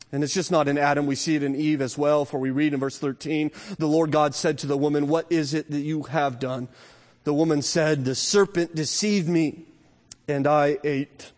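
A man preaching a sermon to a congregation, swinging between loud emphatic peaks and low, slow asides, and sometimes muttering quoted excuses. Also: fairly even intonation. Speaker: pastor. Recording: long reverb of a large hall.

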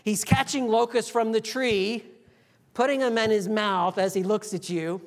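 A pastor preaching a sermon, telling the story vividly and acting out the quotes. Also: male voice, high-pitched, steady tone, measured pace, long reverb tail.

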